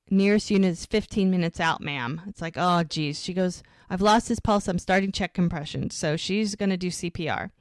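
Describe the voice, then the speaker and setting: A woman's voice: on the low side, clear, resonant tone, dry recording, studio quality. A woman co-hosting a podcast, casually retelling scenes and acting out the dialogue. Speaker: podcast co-host recapping episodes. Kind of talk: casual chat.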